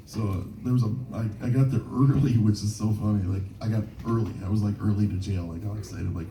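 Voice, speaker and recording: Man, touring musician, self-deprecating onstage storytelling, lowish voice, echoey bar room. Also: fairly even intonation, fast, gravelly, hardly any pauses, mellow, slight background noise. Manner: rambling, self-deprecating anecdotes. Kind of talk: onstage storytelling between songs. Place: bar stage at a live gig. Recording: roomy live venue, distant mic.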